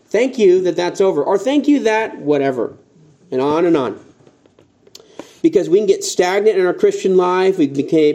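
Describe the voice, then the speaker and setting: Pastor, male, conversational sermon delivery, mellow tone, slightly high voice. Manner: conversational, rising emphatic tones when quoting.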